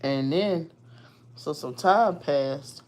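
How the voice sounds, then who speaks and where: A woman from Virginia hosting her show, casually telling a personal story in a blunt, animated, profane way. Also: deep voice, extremely slow.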